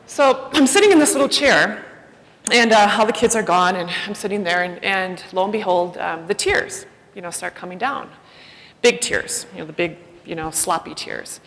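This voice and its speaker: A woman giving a personal storytelling talk as a keynote speaker, animated and self-deprecating, acting out the voices she quotes. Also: fairly low pitch, moderate pace. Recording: long hall reverb.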